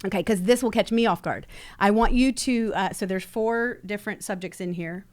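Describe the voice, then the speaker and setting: A middle-aged woman hosts a casual podcast in a playful, teasing way, firing off quiz questions. Her voice sits at a medium pitch, and the recording is dry with little room sound. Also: normal speed, no room sound. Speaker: podcast host and company owner.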